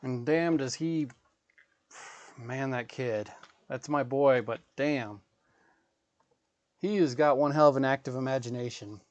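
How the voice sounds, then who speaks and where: A man's voice: medium pitch, measured pace, pauses often, no echo, lo-fi sound. A man in his thirties, a gaming livestreamer, telling rambling, profane stories in casual chat.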